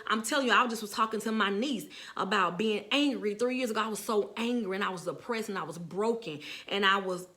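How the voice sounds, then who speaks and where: A woman's voice: mid-range voice, pushed and bright. A middle-aged woman casually preaching to viewers as a motivational speaker, earnest and encouraging, often repeating herself for emphasis.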